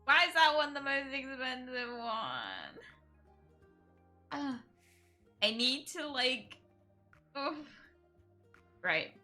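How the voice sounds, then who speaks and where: A woman's voice: high voice, sing-song, very slow, pauses often, bright, forceful tone. A young woman streaming a game live, chatting casually and often breaking into giddy laughter and exclamations. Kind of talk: live gameplay stream chat. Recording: faint music behind the voice.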